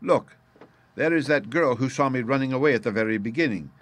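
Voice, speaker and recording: A man's voice: mid-range voice, fairly quick, natural voice. A man voicing a proud, demanding giant crab, bargaining for gifts in a storybook reading. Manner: demanding, wheedling.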